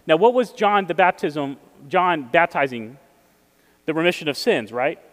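Male preacher, slightly high voice, casual and conversational with questions to the audience; long hall reverb. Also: lively intonation, normal speed, fairly bright tone. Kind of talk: casual sermon.

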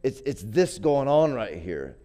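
A man's voice: mid-range voice, big pitch swings, measured pace, warm tone. A man preaching a sermon in a conversational way, often repeating words and building to emphatic peaks. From grew up poor.

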